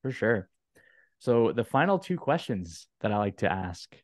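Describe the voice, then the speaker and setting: Podcast host guy, slangy and upbeat, lowish voice, dry close mic. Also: very animated, unhurried, no room sound. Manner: upbeat, slangy, hypes up the guest. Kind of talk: casual interview chat.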